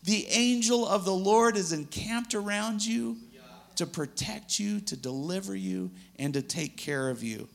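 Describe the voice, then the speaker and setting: A man's voice: high voice, expressive, unhurried, gravelly. A man preaching a sermon in an earnest, conversational way, laughing now and then between points.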